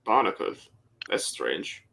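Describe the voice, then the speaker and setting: A guarded hobgoblin armorer voiced by a man speaks in a measured, formal way. He answers dryly and gives little away. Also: bright, forceful tone.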